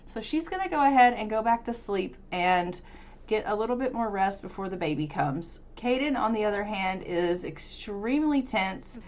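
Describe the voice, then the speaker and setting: With lively intonation and a moderate pace, a woman in a mid-range voice hosts a let's-play of a life-simulation game. She chats cheerfully and casually, narrating her actions in the game.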